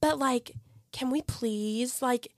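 A young woman co-hosting a casual podcast, chatty and quick with reactions and quips. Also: high voice, no echo, clean studio sound. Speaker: podcast co-host. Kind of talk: casual chat.

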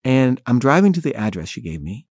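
A man's voice: mid-range voice, big pitch swings, a little fast, darkish tone, breathy edge. A man tells a first-person story in a candid, wry way, with an easy mid-range voice. He laughs at himself as he goes. The sound is dry, with no room echo. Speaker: filmmaker telling a personal story.

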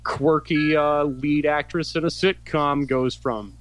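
A man's voice: fairly high pitch, fairly even intonation, takes it slowly, hardly any pauses, a bit bright, poor audio. A man in a casual chat who rambles and fills his talk with "like".

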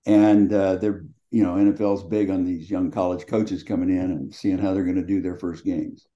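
An older man in his seventies speaks with a low, warm, mellow voice. He tells colorful, salty stories from his playing days as an interview guest. The sound is dull and lo-fi. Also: fairly even intonation, moderate pace. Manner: colorful, profane, laughing anecdotes. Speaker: guest, former quarterback. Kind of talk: storytelling in casual conversation.

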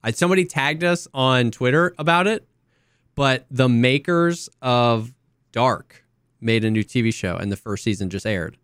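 A man co-hosting a podcast, talking in a relaxed, rambling way with lots of restarts and fillers. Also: mid-range voice, moderate pace, smooth, no room sound, clean studio sound. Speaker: podcast co-host. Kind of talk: casual chat.

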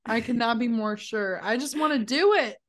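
A young woman with a somewhat high voice co-hosts a podcast in playful, laughing chat. She talks casually and teases easily. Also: moderate pace. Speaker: podcast co-host.

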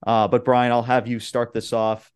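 A man's voice: medium pitch, flat delivery, moderate pace, smooth. A young man hosting a podcast, recapping wrestling matches in a rambling, casual way with lots of fillers and swearing. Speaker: podcast host.

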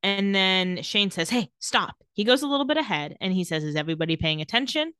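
A woman's voice: medium pitch, expressive, bright, forceful tone, clean tone, dry recording, studio quality. A woman co-hosting a podcast, casually retelling a TV episode and lightly acting out the characters' lines. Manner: playful, quick to laugh, acts out quotes lightly. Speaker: podcast co-host recapping a TV episode. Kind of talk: casual chat, retelling scenes.

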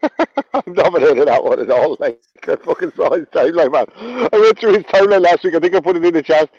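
A man's voice: fairly high pitch, fairly quick, darkish tone, slightly rough, dry recording. Sweary man on a dull line. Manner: sweary, mocking, laughs while ranting. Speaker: podcast co-host. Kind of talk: casual podcast banter.

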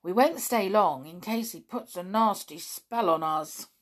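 A woman's voice: mid-range voice, a little slow, close to an everyday voice. A woman voicing a cheerful young male brownie who talks eagerly and persuasively.

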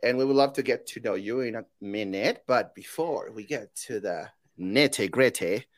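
A man's voice: medium pitch, moderate pace. A man co-hosting a casual podcast, joking and hesitant with frequent filler words. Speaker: podcast co-host.

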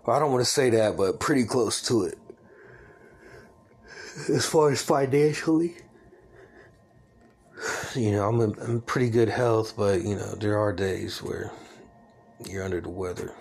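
A man's voice: lowish voice, a little slow, gravelly, long pauses, darkish tone, slightly rough. A man in his forties rambling in a casual, confiding vlog about his life, his luck and his name. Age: 40s. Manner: rambling, confiding, self-deprecating.

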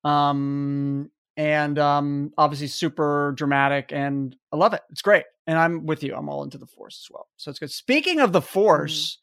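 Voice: medium pitch, moderate pace, fairly bright tone, clear, resonant tone, no room sound, studio quality. A podcast host chatting casually and enthusiastically, rambling with many fillers.

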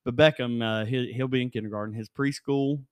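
A man's voice: mid-range voice, fairly even intonation, a little fast, smooth, no echo. A middle-aged man co-hosting a sports talk show, jokey and openly emotional, laughing often. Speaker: podcast co-host. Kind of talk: casual sports chat.

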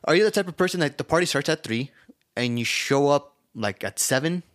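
A young man with a slightly raised pitch, co-hosting a loose podcast. He tells stories with energy, often laughing and doing the voices of the people he quotes. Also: brisk. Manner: laughing, animated storyteller who acts out quotes. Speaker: podcast co-host. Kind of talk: casual storytelling chat.

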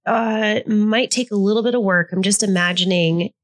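A woman's voice: medium pitch, normal speed, no echo. A woman, a therapist, talking frankly and thinking aloud in a casual podcast conversation, with the odd swear word.

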